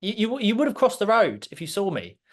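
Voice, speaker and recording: A man giving a motivational masterclass talk to a live audience, direct, emphatic and passionate, speaking clearly and with authority. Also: high voice, huge pitch swings, fairly quick. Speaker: guest speaker.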